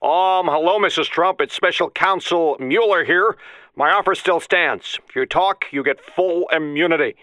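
A calm, dogged special counsel, as a man plays him makes a measured, coaxing pitch. His voice is bright and crisp. It is dry and close. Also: dry recording.

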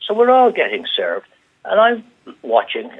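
An older Irish man on a phone-in show, telling an animated anecdote and acting out the voices of the people in it. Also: sits high, moderate pace, husky. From Ireland. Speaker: radio caller. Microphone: telephone. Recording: tinny phone line.

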